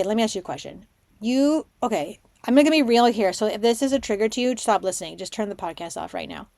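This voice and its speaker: A woman hosting a spiritual podcast, telling stories in an excitable, rambling way and dropping to a hush for her inner thoughts. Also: medium pitch, no echo. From Canada. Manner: excitable storytelling, drops to a hushed voice for her own thoughts. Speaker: podcast host, spiritual mentor. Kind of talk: casual monologue podcast.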